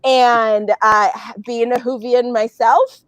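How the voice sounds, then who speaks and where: A woman with a high voice talks over a video call about directing a show. She rambles animatedly and laughs often. Her recording is dry, with no room sound. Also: steady tone, slow pace, no room sound, rough recording. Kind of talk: casual reunion chat.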